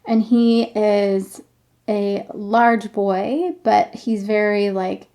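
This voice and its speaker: A woman's voice: medium pitch, drawn-out words, dark tone. A woman podcast host chatting enthusiastically and reading a novel aloud.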